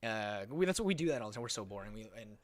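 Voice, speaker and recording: A man's voice: lowish voice, lively intonation, very fast. A young man hosting a podcast, telling rambling stories in casual chat, swearing and full of fillers. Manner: rambling storyteller, swears a lot, many fillers. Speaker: podcast host.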